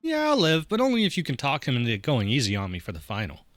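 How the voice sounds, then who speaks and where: A man voicing a sarcastic teenage daughter in a game, with a high, drawling, mocking voice. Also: wildly swooping pitch, fast talker, fairly bright tone, dry recording, clean studio sound. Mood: teasing.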